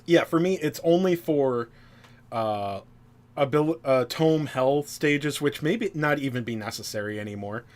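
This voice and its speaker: A man's voice: mid-range voice, unhurried. A man in his thirties streaming a game, chatting casually in a rambling, self-deprecating way with lots of fillers. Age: 30s. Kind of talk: casual chat.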